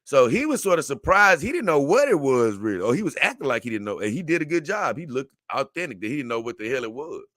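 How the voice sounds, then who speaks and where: A man chats casually to his livestream viewers, reading their comments aloud and riffing on them. His voice is bright and punchy, in a mid register. The sound is dry and close, with no room around it. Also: medium pitch, fast, few pauses, dry recording. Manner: loose, animated and repetitive, with slang and frequent "man" and "brother".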